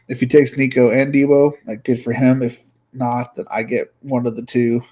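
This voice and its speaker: A husky, mid-pitched man talks into his desk mic while streaming fantasy sports drafts. He is a little out of breath. He thinks aloud in loose, profane, half-muttered asides. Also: dark tone, rough recording. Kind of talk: casual livestream commentary.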